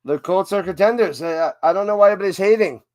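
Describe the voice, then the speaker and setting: Chatty high-voiced man streaming football talk. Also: racing, a little mellow, dry recording. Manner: rambling, self-interrupting, chatty. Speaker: livestream host. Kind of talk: casual live-stream football chat.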